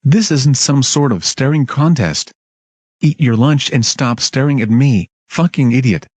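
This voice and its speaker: A storytime narrator delivers an irritable, blunt rant, swearing in nearly every line. His middle-pitched voice is animated yet measured in pace, a little mellow with a breathy edge, recorded dry and close with no room echo.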